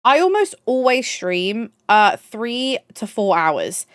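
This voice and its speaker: A bubbly young woman chats on her live stream, gushing over her viewers and swearing freely. Her voice sits a little high. The sound is close and dry. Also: very animated, slow, fairly bright tone, clean tone, dry recording. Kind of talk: casual chat.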